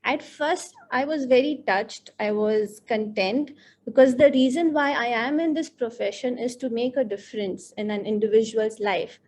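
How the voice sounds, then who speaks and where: Woman counselor running a teachers workshop, earnest and reflective, slightly high voice. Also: moderate pace, a little mellow. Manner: earnest, reflective, lingers on key words. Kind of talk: workshop talk to participants.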